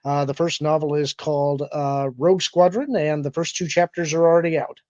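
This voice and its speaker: Calm man on a dull, lo-fi mic. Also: on the high side, brisk. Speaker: panel guest, audiobook reader. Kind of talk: casual livestream panel chat.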